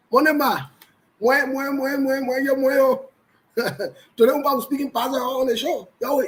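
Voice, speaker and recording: A man with a Liberian English accent runs a casual live show. He talks in a high register, greets viewers one by one and jokes loosely between topics. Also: rough recording. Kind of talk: casual livestream chat.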